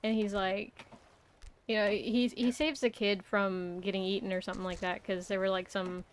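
A woman's voice: mid-range voice, flat delivery, moderate pace, slight background noise. A young woman streaming a game, chatting casually, rambling and swearing with lots of fillers. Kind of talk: casual live-stream chat.

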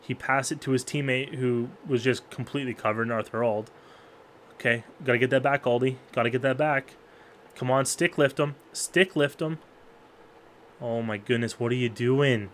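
A man giving excited play-by-play commentary on a hockey video game. He talks to the players on screen, jumps to loud, high-pitched yelling at big plays, then drops to low mutters. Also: moderate pace, slight background noise. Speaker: gaming YouTuber.

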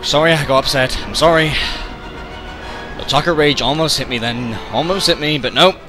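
A young man giving rambling, excitable gameplay commentary, often yelling in frustration. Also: on the high side, moderate pace. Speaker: let's play gamer. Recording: commentary over loud game music. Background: game music.

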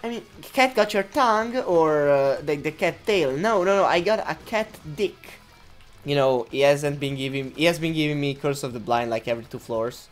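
A young woman commentating her own video game run, laughing often, swearing and reacting loudly. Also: low voice, lively intonation, moderate pace, soft background music. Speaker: gameplay commentator. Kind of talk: let's play commentary.

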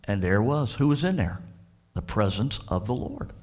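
A male pastor from Florida with a Southern American accent preaches a sermon, acting out dialogue between characters in a lively storytelling way. His voice is lowish and his speed normal.

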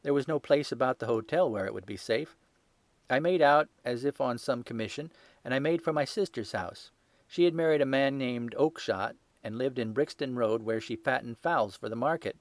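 A man voicing a terrified young male hotel thief who pleads desperately with a shrill, high voice. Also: moderate pace, no room sound, natural voice. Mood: anxious confessing.

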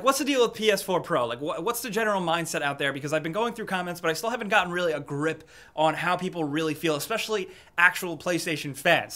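A young man hosting a weekly gaming news roundup, talking in an energetic, chatty way and swearing casually. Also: high voice.

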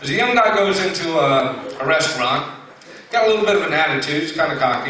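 A man's voice: on the high side, lively intonation, a little fast, sharp tone, recorded from a distance. Folksy man telling jokes in an echoey room. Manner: folksy, drawling storyteller with fillers. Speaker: stand-up comedian. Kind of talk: live stand-up joke telling. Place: live venue with audience.

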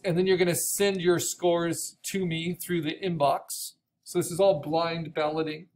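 A man teaching an online art course, explaining steps with frequent restarts and a voice gone raspy from coughing. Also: on the high side. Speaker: art instructor. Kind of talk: recorded online course lecture.

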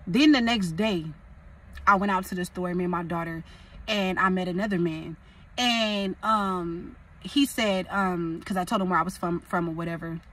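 A woman's voice: on the low side, moderate pace, fairly bright tone, recorded from a distance. A young woman from California, a prophetess, preaching casually and rambling, repeating phrases for emphasis.

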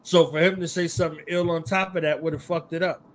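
A man appearing as a guest on a radio show, telling stories about films in animated casual chat over a remote call. He laughs often and keeps checking that the listener follows. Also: fairly high pitch, quick pace, slight background noise. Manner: animated storyteller, laughs often, asks "you understand what I'm saying?". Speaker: guest, rapper.

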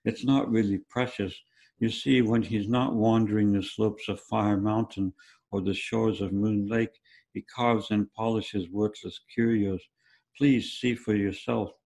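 A man's voice: fairly low pitch, steady tone, a little slow, vocal fry, darkish tone. A man voicing an impatient older village mother in a folk tale. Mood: fawning. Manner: scolding, then fawning.

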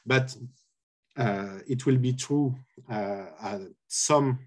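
A man giving a conference lecture on linguistics over a video call. He speaks slowly and haltingly, filling the gaps with "uh" as he walks through each example, at a middle pitch. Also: darkish tone. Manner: halting, many filler "uh"s, careful explanation. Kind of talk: academic conference talk.

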